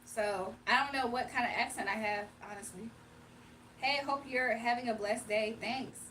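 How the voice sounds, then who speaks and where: Chatty high-voiced woman streamer. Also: moderate pace, fairly bright tone, far from the mic, slight background noise. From Virginia, USA. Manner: chatty, laughs often, reads chat aloud. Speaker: livestream host. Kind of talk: casual livestream chat reading comments.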